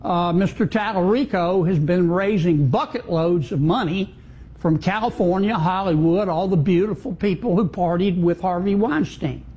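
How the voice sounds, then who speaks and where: A man's voice: high voice, a little mellow, slightly rough. Folksy male senator in a dull clip. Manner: folksy, blunt, halting with fillers. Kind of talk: interview answer.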